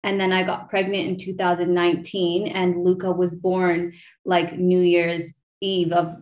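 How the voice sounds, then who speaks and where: A woman's voice: fairly low pitch, completely flat delivery, unhurried, darkish tone, dull audio. A woman in her thirties hosting a podcast, telling a personal story in a rambling, emotional way. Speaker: podcast host. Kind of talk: casual interview chat.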